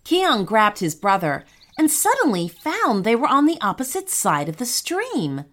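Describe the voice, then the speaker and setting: A woman narrating a children's story in an animated storytelling manner. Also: on the high side, a little slow.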